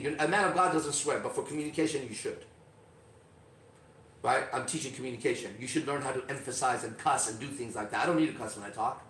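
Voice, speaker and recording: A middle-aged man telling a personal story on a podcast, emphatic and profane, swinging from quiet to loud. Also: mid-range voice, distant mic, slight background noise. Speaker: podcast host. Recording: roomy echo, off-mic.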